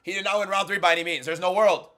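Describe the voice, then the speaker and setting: A man hosting a live fight watchalong, reacting with incredulous, repetitive exclamations that swing from low muttering to shouting. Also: fairly even intonation, racing. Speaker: watchalong host.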